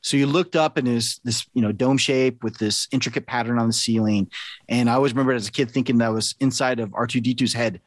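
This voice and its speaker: A man's voice: mid-range voice, quick pace, no room sound. A middle-aged man, a podcast host, chatting casually and telling an earnest story.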